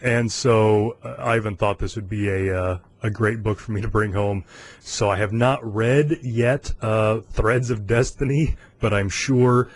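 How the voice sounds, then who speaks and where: A man's voice: lowish voice, steady tone, unhurried. A man in his forties from the United States, hosting a podcast in a casual, self-amused chat with frequent fillers and chuckles. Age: 40s. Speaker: podcast host.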